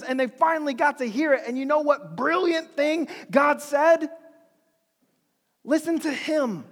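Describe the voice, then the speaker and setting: A preacher giving an animated, humorous, conversational sermon in a large hall. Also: sits high, moderate pace.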